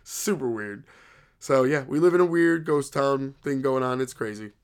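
A man's voice: mid-range voice, normal speed, smooth. A man in his thirties co-hosting a podcast, telling stories in a rambling casual way with lots of "like" and quoted dialogue. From New York area. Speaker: podcast co-host. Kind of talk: casual chat.

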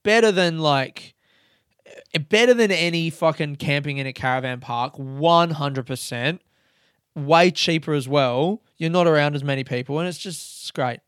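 A man's voice: fairly high pitch, normal speed, fairly bright tone, smooth, no room sound, clean studio sound. A young man, a comedian, telling rambling, laugh-filled stories on his podcast and swearing freely. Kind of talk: casual storytelling podcast.

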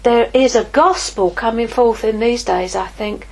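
Husky woman preaching a sermon. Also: fairly high pitch, unhurried, rough recording. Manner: lively, swings from hushed asides to exclaiming. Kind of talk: sermon teaching.

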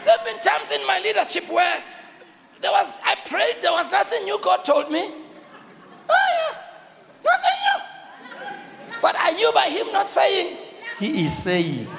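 South African bishop, very lively swooping delivery, fervent repeated calls, long hall reverb. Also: male voice, very high voice, moderate pace, creaky, crowd noise, noisy background. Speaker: bishop preaching. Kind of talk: live sermon. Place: large church hall.

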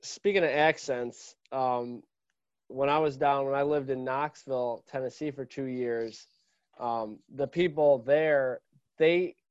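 A man hosting a casual school interview as athletic director, asking questions in a relaxed, informal way. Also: mid-range voice, slow, no room sound, dull audio. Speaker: athletic director, show host.

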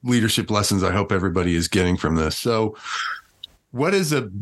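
A man's voice: on the low side, expressive, a little fast. A man hosting a podcast interview, affirming his guest and asking open questions in an encouraging manner. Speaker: podcast host.

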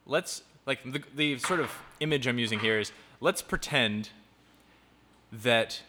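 A man's voice: medium pitch, measured pace, pushed and bright. A man hosting a live talk for young people, joking and improvising tangents as he explains. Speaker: youth talk presenter and show host. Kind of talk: live talk to a youth audience.

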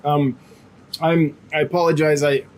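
A man's voice: a little high, flat delivery, measured pace. A man hosting a casual live stream as a fish seller, talking in a chatty, rambling way with a cough drop in his mouth and a slight lingering cough. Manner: chatty, rambling, with frequent fillers.

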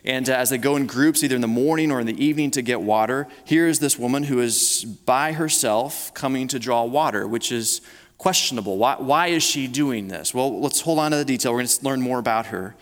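A man's voice: medium pitch, brisk. A man preaching a sermon as pastor, talking conversationally with frequent restarts and repeated words. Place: church sanctuary. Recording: long hall reverb.

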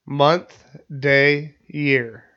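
A man's voice: a little high, steady tone, extremely slow, pushed and bright. A man hosting a podcast in casual chat, rambling and swearing with many stammered restarts. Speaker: podcast host. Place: studio. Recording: muffled lo-fi podcast audio.

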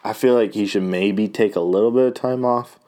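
A man's voice: lowish voice, fairly quick, dark tone. A man giving a loose, rambling and profane recap of fight results, full of fillers and restarts. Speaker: fight fan recapping a card. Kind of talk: casual talk.

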